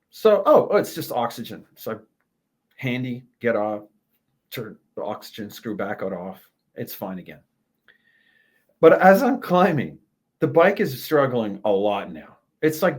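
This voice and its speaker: A man, a guest telling a lively travel story in a casual interview, laughing and swearing as he goes. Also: medium pitch. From Canada.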